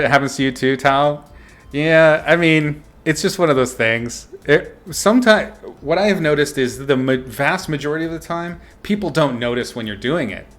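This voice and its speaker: A man's voice: mid-range voice, fairly bright tone. A man talking casually to his viewers on a livestream, answering chat and laughing often. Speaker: streamer chatting with viewers while painting.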